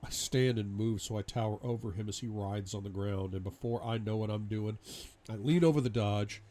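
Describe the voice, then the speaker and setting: A man's voice: fairly low pitch, normal speed, mellow. A man reading a first-person audiobook in an intense, dramatic way. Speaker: audiobook reader.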